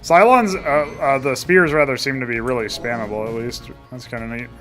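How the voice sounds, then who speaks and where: Sarcastic guy narrating his strategy game, mid pitch, casual swearing. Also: brisk, fairly bright tone, faint music behind. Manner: chatty, sardonic, swears often. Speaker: gaming commentator. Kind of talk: casual let's-play commentary.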